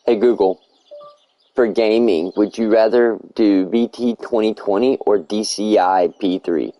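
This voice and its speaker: A man on a live stream tells a rambling, profane story in casual chat, animatedly acting out other people's lines with quoted dialogue. He speaks at a measured pace in a fairly low pitch, and the recording's highs are cut off.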